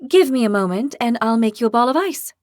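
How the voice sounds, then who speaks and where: A woman's voice: fairly high pitch, animated, quick pace, darkish tone, no room sound, clean studio sound, close to an everyday voice. A woman voicing a hot-tempered young horned woman who speaks bluntly and sarcastically. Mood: brisk.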